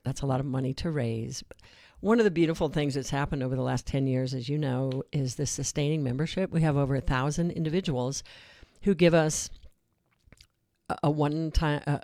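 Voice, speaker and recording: A man hosting a public radio fund drive in relaxed, conversational talk from a studio. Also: a little high, dry recording. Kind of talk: on-air fund drive chat.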